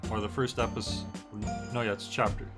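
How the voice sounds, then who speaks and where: A man's voice: fairly low pitch, steady tone, moderate pace. A young man casually commenting as he plays a game on stream, chatty and often restarting his sentences. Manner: chatty, reads game dialogue aloud, trails off and restarts. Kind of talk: casual let's-play commentary. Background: game music.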